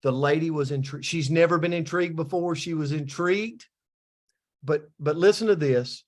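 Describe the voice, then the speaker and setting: A man telling a success story to his team, animated and building to a point. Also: a little high, moderate pace. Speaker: business team leader. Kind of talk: motivational storytelling.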